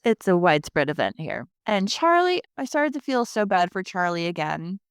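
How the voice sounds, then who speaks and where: A chatty woman with a New Jersey accent recaps an episode on her podcast, sarcastic and full of asides. Her voice is smooth and clear, and the close mic sounds completely dry. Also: lowish voice, big pitch swings, normal speed, no room sound. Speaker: podcast host. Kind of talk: casual episode recap chat.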